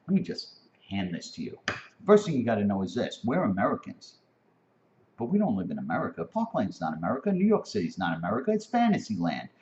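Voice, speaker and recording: A man delivering an impassioned, profane spoken rant that keeps climbing to near-shouting. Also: lowish voice. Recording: dull lo-fi recording.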